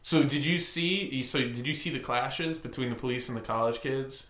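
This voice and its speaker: A man's voice: medium pitch, normal speed, a bit bright. A man hosting a casual interview, asking curious, easygoing questions. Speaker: host. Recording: roomy echo.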